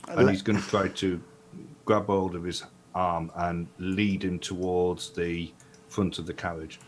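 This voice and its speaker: A man playing in a tabletop game, quiet and hesitant as he plans his move. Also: low voice, little pitch movement, unhurried. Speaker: player. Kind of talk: casual game table talk.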